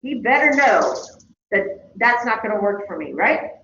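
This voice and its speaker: A woman's voice: fairly high pitch, big pitch swings, measured pace, fairly bright tone, slight background noise. An older woman lecturing a college class in a conversational way, checking in with her students. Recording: roomy, dull lecture-hall recording.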